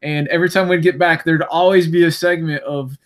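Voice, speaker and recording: Chatty man, fairly high voice. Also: steady tone, slight background noise. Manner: chatty, quick to laugh. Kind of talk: casual chat.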